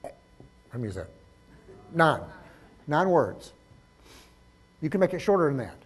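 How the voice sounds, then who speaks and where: A male pastor preaching a sermon, swinging between loud exhortation and low, conversational storytelling. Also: very animated, a little slow, breathy edge.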